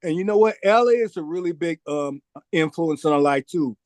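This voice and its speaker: Animated storytelling man, fairly high voice. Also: fairly quick, no room sound. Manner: animated storyteller, acts out quoted voices, says "man" a lot. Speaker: record producer guest. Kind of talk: casual storytelling interview.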